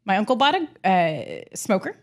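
A middle-aged woman, co-hosting a podcast in casual chat and telling an animated story, acting out quotes with big jumps in pitch. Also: normal speed. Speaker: podcast co-host.

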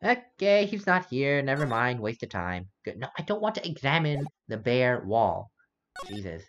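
A man's voice: mid-range voice, big pitch swings, moderate pace, a bit bright. A man casually commenting on a game playthrough and reading its lines, wry and self-mocking. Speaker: let's play host.

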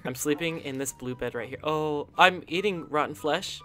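A man's voice: a little high, normal speed, a bit bright. Giggly teen boy hosting gameplay. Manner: playful, giggly. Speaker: channel host. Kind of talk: casual gameplay commentary. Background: faint background music.

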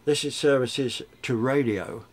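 A man's voice: medium pitch, unhurried. An older man, a radio DJ chatting through memories in an interview, rambling with frequent restarts. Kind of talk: reminiscing interview.

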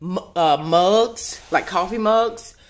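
A woman's voice: fairly low pitch, takes it slowly. A woman, chatting casually to her viewers at home, rambling and a little out of breath. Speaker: vlogger. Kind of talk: casual chat to camera. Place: home, at a table.

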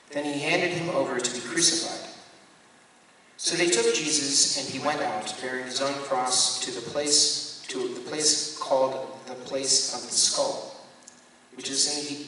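A man, a Catholic priest, reading scripture aloud at a measured, deliberate pace and now and then correcting himself. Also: mid-range voice, bright, forceful tone. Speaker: Catholic priest leading a Bible study. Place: parish hall or church room. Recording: echoey hall, voice from far off, faint room noise.

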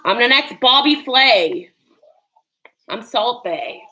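A woman's voice: fairly high pitch, expressive, takes it slowly, bright, forceful tone, rough recording. A woman chatting casually on a livestream while she cooks in her home kitchen, nervous and self-deprecating, with sudden yelps. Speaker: livestream cooking host.

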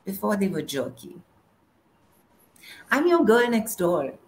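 A middle-aged woman performing a spoken word poem in a slow, measured recitation. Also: medium pitch, sing-song, rough recording. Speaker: poet.

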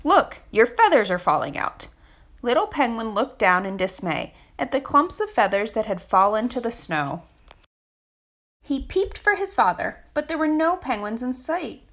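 A woman reading a children's picture book aloud for a family literacy storytime, expressive and lilting. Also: fairly high pitch, normal speed.

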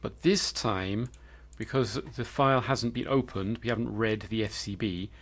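A man's voice: fairly low pitch, moderate pace, a little hiss or hum. A man giving live coding commentary as a programmer, thinking aloud and hesitating with fillers.

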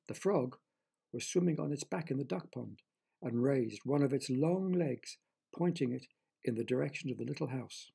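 A man narrating a children's audio story in a gentle, expressive reading manner. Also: mid-range voice, normal speed, vocal fry, husky.

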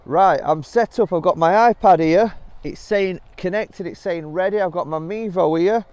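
A man's voice: high voice, moderate pace, darkish tone, no room sound. A man chatting candidly to camera, talking viewers through setting up a golf gadget at an outdoor range, filmed on a phone. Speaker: golf vlogger. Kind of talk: casual vlog chat to camera. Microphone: phone camera recording.

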